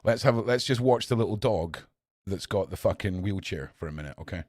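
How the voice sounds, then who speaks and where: A man hosting a podcast, reading headlines aloud and ranting at them, swearing often and swinging from low mutters to shouts. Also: animated, fairly quick, no echo, studio quality. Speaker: podcast host reading news. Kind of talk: ranting news commentary.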